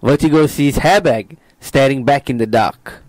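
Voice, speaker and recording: A man's voice: medium pitch, normal speed, a little mellow, no echo, rough recording. A man hosting a casual show, reading a screenplay's stage directions aloud. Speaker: host, script narrator.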